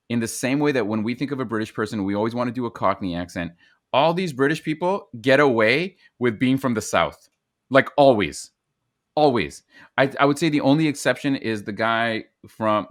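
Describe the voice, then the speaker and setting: A man hosting a casual podcast, holding forth in a lively, rambling way. His opinions tumble out in quick restarts, and his voice sits at an ordinary middle pitch. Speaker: podcast host.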